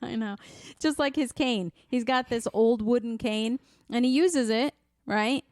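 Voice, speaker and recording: A woman co-hosting a podcast in a smooth, clear voice, recorded close and dry. She chats casually and tells family stories, slipping into quoted voices. Her pitch sits a little high. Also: a little slow, darkish tone, no room sound. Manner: chatty storyteller, acts out quotes. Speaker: podcast co-host. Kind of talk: casual chat.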